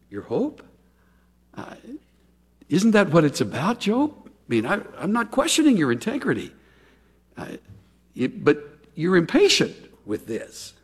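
A middle-aged man preaching a chatty, conversational sermon with animated, folksy asides. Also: a little high, breathy edge. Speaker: pastor. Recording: long hall reverb.

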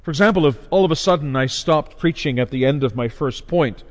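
A man preaching a sermon in a measured way, with dramatic pauses and big swings of pitch. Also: long reverb tail. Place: church.

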